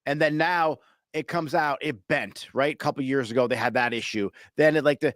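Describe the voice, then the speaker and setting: A man's voice: medium pitch, a little fast, fairly bright tone, dry recording, clean studio sound. A man hosting a podcast, talking business in a blunt, casual way and swearing now and then. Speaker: podcast host.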